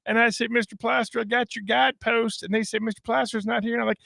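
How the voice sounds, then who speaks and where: A man putting on a chatty, scatterbrained mailman with a high, gravelly voice that sounds bright and pinched. He rambles on in long run-on sentences, close and dry on a studio mic. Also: flat delivery, fast, no room sound, full character voice. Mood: rambling. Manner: long breathless run-on tale.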